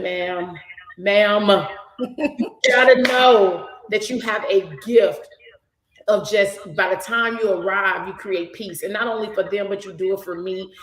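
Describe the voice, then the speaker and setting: A woman hosting a casual talk for a nonprofit program, animated and effusive, praising and preaching with a lilt. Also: mid-range voice, roomy sound, rough recording. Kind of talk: casual chat.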